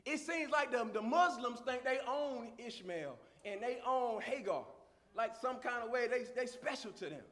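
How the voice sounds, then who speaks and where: A man preaching a sermon with passion, swelling into shouts and repeating phrases for emphasis. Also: extremely high pitch, lively intonation, normal speed, long reverb tail.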